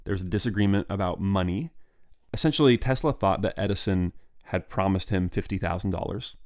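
A man's voice: low-pitched, a little fast, darkish tone. A man hosting a solo history podcast, talking casually and musing aloud with restarts and asides.

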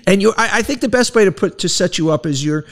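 A man hosting an interview, asking long halting questions in a friendly way. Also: high-pitched, animated. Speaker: interview host. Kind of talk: casual interview.

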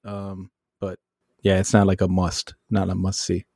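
Easygoing male podcast guest, lower voice, dry sound, casual with fillers. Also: completely flat delivery, a little slow, dark tone, dry recording. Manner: easygoing, laughs often, many fillers. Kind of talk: casual chat.

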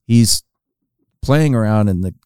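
Male storyteller, low and warm, animated when quoting, dry close podcast sound. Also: a little slow, clear, resonant tone, no room sound. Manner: animated storytelling, acting out quoted lines with rising pitch. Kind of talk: casual anecdote telling.

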